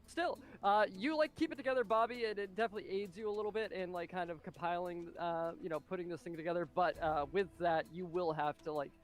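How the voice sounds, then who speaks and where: A man narrating as game master of a tabletop game, excitable and full of fillers and spoken sound effects. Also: sits high, fast talker, hardly any pauses.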